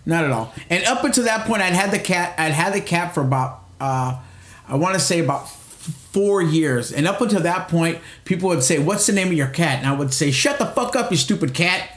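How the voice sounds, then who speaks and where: A man's voice: on the high side, fairly quick, echoey room. A middle-aged man co-hosting a podcast, telling a long rambling story in casual chat with lots of restarts and swearing. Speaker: podcast co-host.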